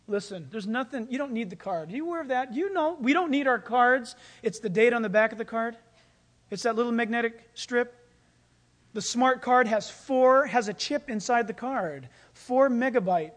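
A pastor with a very high voice preaches a sermon, animatedly telling personal stories and chuckling mid-sentence.

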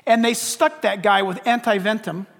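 A man's voice: high voice, fairly even intonation, normal speed, fairly bright tone. A man preaching a sermon and giving an altar call, speaking with blunt, earnest and repetitive pleading. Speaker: pastor. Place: church sanctuary. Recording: long reverb of a large hall.

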